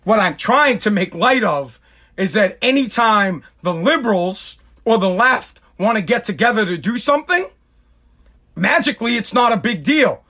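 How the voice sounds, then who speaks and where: A man's voice: high voice, expressive, moderate pace, pushed and bright. A man giving a sarcastic political rant to camera, mocking people by putting on exaggerated voices.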